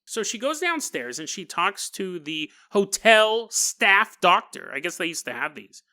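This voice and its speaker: A man's voice: high-pitched, very animated, a little slow, bright, forceful tone. A man hosting a podcast, telling an eerie tale in a chatty, jokey way with frequent laughs. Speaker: podcast host. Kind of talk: casual storytelling podcast.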